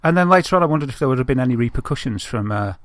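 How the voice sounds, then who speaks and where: A man's voice: medium pitch, lively intonation, racing, no echo, clean studio sound. A man with a Northern English accent, co-hosting a casual podcast and rambling through stories with plenty of fillers. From Northern England. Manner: chatty, rambling storyteller with many fillers. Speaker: podcast co-host. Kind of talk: casual chat.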